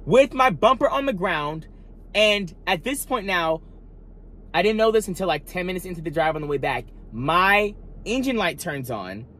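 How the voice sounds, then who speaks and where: A man vlogging a storytime, talking straight to his viewers in an animated, dramatic way, full of asides and restarts. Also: high-pitched. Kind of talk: storytime monologue.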